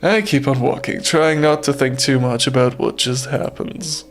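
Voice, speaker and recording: A man's voice: medium pitch, steady tone, moderate pace, soft background music. A man streaming a game live, reading its story aloud in a jokey, swearing, playful way. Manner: jokey, swearing, breaks into laughter and silly outbursts.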